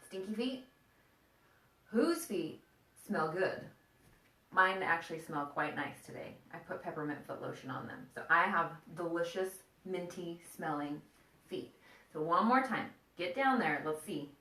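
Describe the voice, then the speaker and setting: A woman's voice: lowish voice, lively intonation, unhurried, pauses often, sharp tone. A playful woman leads a children's yoga lesson in an encouraging, teacherly voice. Her voice rings in a roomy, echoing space. The mic sits some way from her. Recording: echoey room, mic at a distance.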